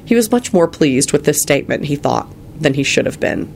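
Expressive, gravelly storybook reader. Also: mid-range voice, a little fast, hardly any pauses, a little hiss or hum. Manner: expressive, varied reading. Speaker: narrator. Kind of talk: storybook narration.

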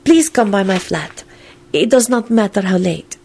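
A woman putting on a husky, formal lady's voice. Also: mid-range voice, animated, normal speed, a little mellow, pitched above the performer's own voice. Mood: courteous. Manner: formal and courteous. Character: polite, formal adult woman writing a letter.

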